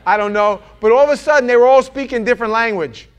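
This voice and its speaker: A male preacher from New York with a fairly high voice, delivering a sermon. He is animated and playful, acting out voices and jokes as he goes. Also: fast talker, clean tone, dull audio.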